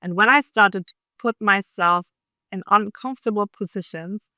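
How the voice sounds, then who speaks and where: A woman speaking English as a second language with an accent, a podcast guest talking in a hesitant way, with many pauses and ums. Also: medium pitch, sharp tone, no room sound. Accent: non-native English. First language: not English. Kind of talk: casual interview chat.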